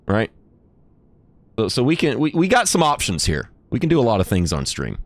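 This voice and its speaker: A man's voice: mid-range voice, huge pitch swings, brisk, no room sound. A man streaming live in casual chat, jokey and rambling, laughing often and restarting his words.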